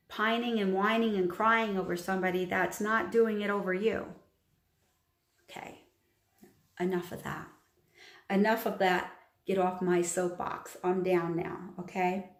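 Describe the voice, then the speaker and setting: A woman giving a casual astrology reading to her viewers. She talks in a chatty, emphatic way, repeats her points and laughs at herself. Her voice sits at a middle pitch and bounces around an echoey room. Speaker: astrology channeler. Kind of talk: casual tarot-style reading to camera.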